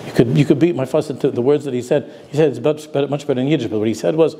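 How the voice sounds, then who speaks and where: A man's voice: medium pitch, rapid-fire, noisy background. An older man, a rabbi giving a sermon, telling stories and dropping Yiddish and Hebrew words into his talk.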